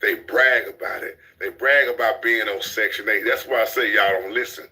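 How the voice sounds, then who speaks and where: Blunt, bright-voiced man. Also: on the low side, steady tone, normal speed, poor audio. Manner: blunt, preachy, repeats himself. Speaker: commentary channel host. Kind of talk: casual commentary chat.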